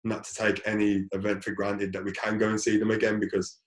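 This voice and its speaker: Dj guy, lowish voice, laid back chat, kinda echoey room. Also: fast talker. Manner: relaxed, conversational with slang. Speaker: DJ in a music collective. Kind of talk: casual conversation.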